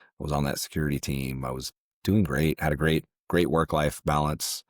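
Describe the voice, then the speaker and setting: A man, a podcast guest who runs a jiu-jitsu gym, recounting a personal story in a halting way, often repeating his words. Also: very deep voice, fairly even intonation, no echo, studio quality.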